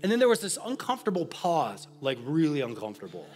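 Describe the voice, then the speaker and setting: A man preaching a sermon as a pastor and sharing a personal testimony, earnest and confessional, moving between hushed and emphatic delivery. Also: on the high side, wildly swooping pitch, fast, soft background music.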